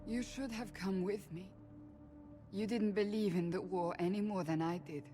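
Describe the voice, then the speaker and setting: A woman's voice: mid-range voice, steady tone, moderate pace, over music, lightly acted. An actress playing a proud, stern woman warrior who speaks in a firm, commanding way. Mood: tense. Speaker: warrior companion. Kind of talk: video game voice acting.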